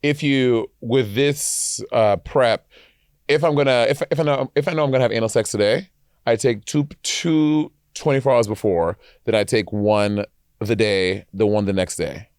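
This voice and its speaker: A man's voice: medium pitch, moderate pace, smooth, dry recording, studio quality. A man co-hosting a podcast, chatting casually and telling stories, with frequent stammered restarts and laughs. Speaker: podcast co-host. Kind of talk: casual chat.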